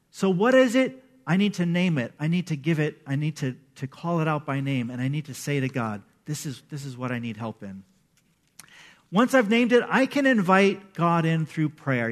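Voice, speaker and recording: A male pastor preaching a sermon in a conversational, animated way, acting out the people he quotes. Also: high voice.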